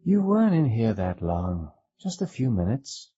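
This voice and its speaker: A man's voice: mid-range voice, sing-song, normal speed, warm tone, pitched above the performer's own voice, lightly acted. A man reading an audiobook, voicing a tired young mother who coaxes her child, sometimes harshly. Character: weary, tense young mother. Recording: dull lo-fi cassette recording.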